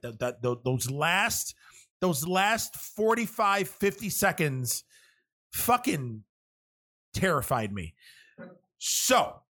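Man, casual monologue, rambling, swears a lot, restarts sentences, slightly higher pitch. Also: pushed and bright. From half Cuban. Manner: rambling, profane, lots of restarts.

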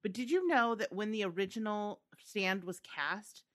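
A woman's voice: mid-range voice, animated, normal speed, a bit bright. A woman co-hosting a podcast, chatting in an easygoing way with lots of filler words. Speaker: podcast co-host. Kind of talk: casual chat about a TV adaptation.

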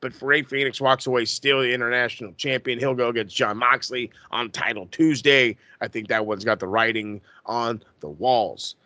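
A man's voice: mid-range voice, fairly even intonation, normal speed, few pauses, pushed and bright, dry recording. Profane, fired-up podcast host man. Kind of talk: casual wrestling podcast rant.

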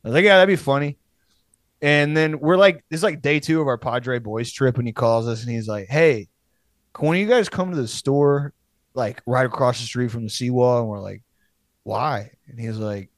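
A man's voice: medium pitch, normal speed, no room sound. A young man in his twenties, a comedian, telling a rambling, profane story in casual chat, jumping into friends' voices as he quotes them.

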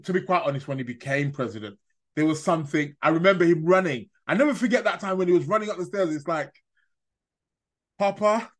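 A man's voice: on the high side, a bit bright. A man hosting a casual live stream, rambling, stammering through restarts and chuckling at his own remarks. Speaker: astrology live-stream host.

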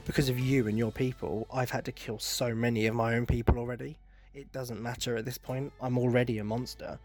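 A man's voice: medium pitch, level tone, a little fast, faint music behind, natural voice. Man voicing a weary, hardened soldier. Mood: grim.

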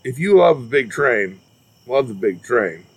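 A man's voice: medium pitch, sing-song, unhurried, slightly rough, no room sound. A man co-hosting a podcast in casual chat, trading dry, wry banter. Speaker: podcast co-host.

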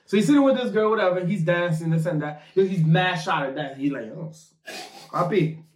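A man's voice: sits high, fairly quick, recorded from a distance. A man telling a wild night-out story in casual chat, laughing and acting out his friends' lines. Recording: roomy and a bit off-mic.

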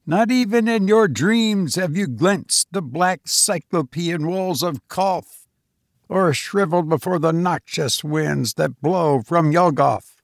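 A scornful, raving ageless sorcerer, read by a man, slow and gravelly in his grand declarations. He speaks with contempt and a faint rasp, in a dry close storybook voice. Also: on the high side, dry recording. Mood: raving, contemptuous. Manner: grandiose, ranting. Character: ancient raving male sorcerer, arrogant and scornful.

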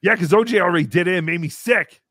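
A cheeky green puppet creature, small, crude and giggly, is voiced by a man who reads donations on a comedy stream and speaks of himself in the third person. The voice is high-pitched and a bit bright, moving at a quick pace, recorded cleanly in a studio without echo.

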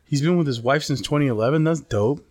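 A man co-hosting a podcast, chatting casually and telling stories in an animated, profane way. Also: on the high side, fast talker, no echo. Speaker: podcast co-host. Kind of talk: casual chat.

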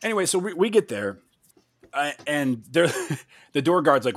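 A man in casual podcast chat, telling a story with excitement and frequent restarts. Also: fairly high pitch, normal speed, dry recording. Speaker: podcast host or guest.

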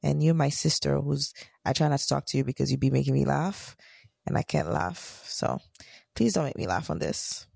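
A woman co-hosts a podcast in casual chat, speaking softer than usual as she recovers from surgery. Her voice carries a heavy gravelly fry. The sound is dry and close. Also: very deep voice, moderate pace, no echo. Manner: soft-spoken, recovering from surgery. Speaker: podcast co-host.

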